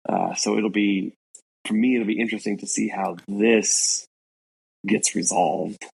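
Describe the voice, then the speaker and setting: A congested man co-hosting a podcast, talking through a novel in a thoughtful, halting way with many fillers. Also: lowish voice, steady tone, gravelly, darkish tone, slightly rough, poor audio. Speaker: podcast co-host. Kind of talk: casual book discussion.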